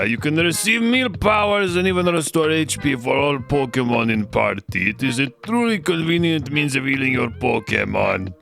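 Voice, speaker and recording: A man's voice: on the high side, creaky, pushed and bright, pitched above the performer's own voice, heavily acted. A man voicing a formal male teacher who lectures a class during a game playthrough.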